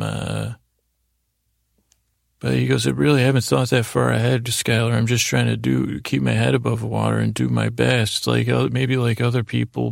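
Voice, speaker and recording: Gravelly man rambling through a recap. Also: medium pitch, no echo, studio quality. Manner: meandering, halting retelling with many fillers. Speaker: podcast host. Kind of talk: rambling sleep-podcast recap.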